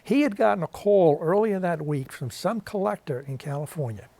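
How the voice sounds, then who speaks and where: A man's voice: high voice, lively intonation, normal speed, creaky, mellow, dry recording. A man with a New York accent, a guest on a TV interview show, telling a story and acting out the voices of the people in it. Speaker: guest, interviewer of war veterans. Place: TV studio.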